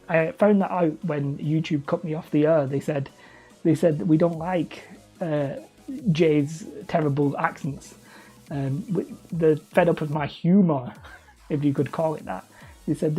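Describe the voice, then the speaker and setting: A woman's voice: sits low, dark tone, slightly rough. A woman with a Wigan-area Lancashire accent, chatting casually and rambling as she builds hobby terrain on a live stream. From Leigh, near Wigan, England. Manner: chatty, self-mocking, rambling. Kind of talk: casual live-stream chat while crafting.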